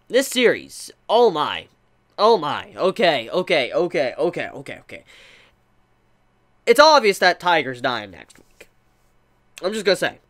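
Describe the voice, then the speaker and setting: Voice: medium pitch, a bit bright. An anime reviewer ranting in a casual video review, exasperated, full of rhetorical questions, repeating words and restarting sentences while thinking aloud.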